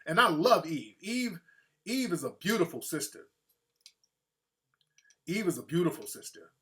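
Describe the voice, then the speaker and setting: Pushed and bright, a fairly high male voice drives very animated, foul-mouthed opinion commentary from a host. Quick mocking impressions of other people come up often.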